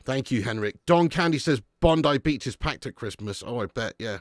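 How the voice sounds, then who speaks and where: A man hosting a live match watch-along, chatting excitedly with viewers and calling them mate and lad. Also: medium pitch, moderate pace, no echo, studio quality. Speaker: fan channel host doing a live match watch-along. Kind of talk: casual live-stream commentary and chat.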